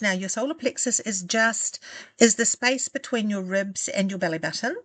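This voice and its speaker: A woman coaching self-love, giving calm, gentle and encouraging step-by-step guidance that slows down for the exercises. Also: mid-range voice, no echo. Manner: calm, gentle and encouraging, slowing down for guided steps. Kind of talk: guided self-help instruction.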